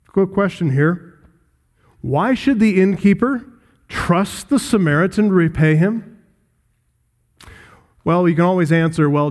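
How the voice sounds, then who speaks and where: A man's voice: high voice, darkish tone. A man pastor preaching an expository sermon, earnest, with rhetorical questions to the congregation.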